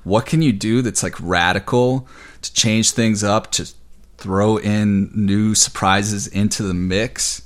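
A man giving a casual, excited weekly astrology forecast, rambling with fillers and slightly out of breath. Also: fairly low pitch, slow pace.

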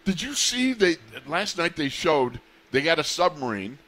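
A man's voice: fairly high pitch, very animated, measured pace, fairly bright tone. A man co-hosting a sports radio show, talking in a rambling, easygoing way. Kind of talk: casual sports radio chat.

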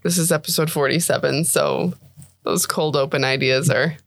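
A woman's voice: sits low, steady tone, moderate pace, creaky, no room sound, studio quality. A woman chatting casually with fellow players about how she voices her character. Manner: chatty, filler-heavy. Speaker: player voicing Mina. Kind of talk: casual chat among players.

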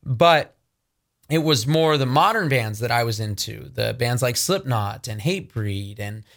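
A man's voice: mid-range voice, animated, measured pace, creaky, a bit bright. A young adult man from Southern California presenting for a ministry, talking straight to viewers with earnest, emphatic warnings. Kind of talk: preaching monologue to viewers.

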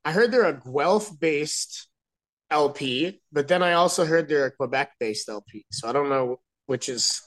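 A man's voice: a little high, expressive, unhurried, a bit bright, low-quality recording. A man guest on a podcast, chatting casually in a hesitant, slangy way. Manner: hesitant, slangy, says bro. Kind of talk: casual chat.

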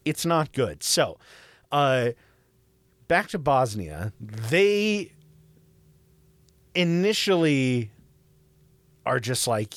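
A man hosting a podcast, telling history in a casual, profane, animated way. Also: medium pitch, very slow, pauses often, no echo. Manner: profane, animated, acts out quoted voices. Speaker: podcast host.

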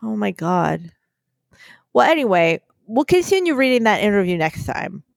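A woman's voice: medium pitch, moderate pace, vocal fry, no echo, clean studio sound. A woman co-hosting a podcast from her living room over a remote call, talking wryly with a swollen lip and laughing often. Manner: wry, animated, laughing often. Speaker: podcast co-host. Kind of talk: casual chat.

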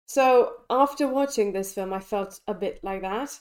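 A podcast co-host, a woman, talks through a film she has just seen with bright enthusiasm. Her voice sits in an ordinary middle pitch, and she often breaks off and restarts her sentences as her thoughts tumble out. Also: unhurried. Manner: animated, enthusiastic, frequent restarts. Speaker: podcast co-host reviewing films. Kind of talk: casual film discussion. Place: London.

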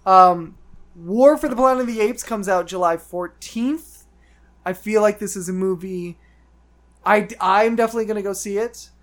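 A man's voice: high-pitched, fairly bright tone. Teasing man chatting on a podcast. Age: 30s. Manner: playful, teasing, quick asides. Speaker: podcast co-host. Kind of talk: casual chat. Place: indoors at a shared table. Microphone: studio podcast mic.

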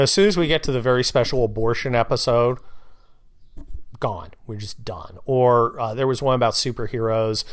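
A man hosting a casual podcast monologue, blunt and sarcastic, swearing freely and telling stories with growing excitement. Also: medium pitch. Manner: animated storyteller, gets louder with excitement. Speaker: podcast host and novelist.

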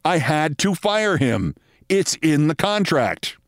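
A man's voice: fairly high pitch, very animated, slow, dry recording, studio quality. A man playing an exasperated male network executive who insists and repeats himself. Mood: insistent.

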